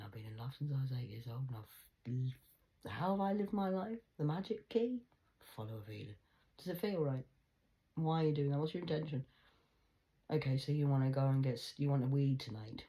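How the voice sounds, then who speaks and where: A woman with a low voice talks straight to her viewers in a rambling vlog. She swears freely and keeps throwing out rhetorical questions. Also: brisk, warm tone. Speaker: vlogger.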